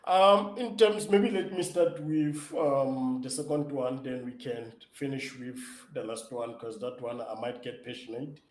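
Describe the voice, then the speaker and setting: Excitable man, roomy sound. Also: mid-range voice, a little slow, hardly any pauses. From South Africa. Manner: excitable and enthusiastic. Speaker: app founder and interview guest. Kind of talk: interview answers. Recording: roomy echo.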